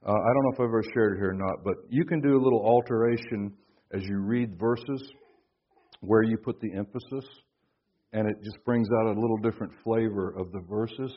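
Male preacher, husky, dramatic dynamic swings, muffled recording. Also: brisk. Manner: dramatic swings from hushed to booming emphasis. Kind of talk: sermon. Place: conference hall.

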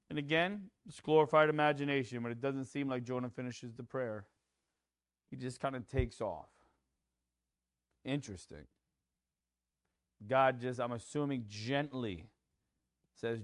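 A man preaching a sermon in a conversational way, with fillers like "you know" and "kinda", who rises into animated acted-out quotes. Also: mid-range voice, normal speed, clear, resonant tone, no echo, studio quality. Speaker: pastor.

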